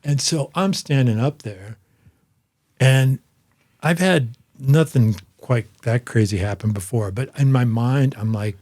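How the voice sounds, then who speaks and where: An older comedian from the States, chatting as a podcast guest. His voice sits at an ordinary middle pitch, and his storytelling is loose and profane. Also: a little slow, a little mellow. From United States. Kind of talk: casual chat.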